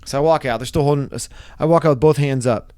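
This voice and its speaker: Male vlogger, mid pitch, animated storyteller with restarts, dry close sound. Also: fast talker, no room sound. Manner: animated, acts out shouted quotes, frequent restarts. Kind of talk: casual storytelling to camera.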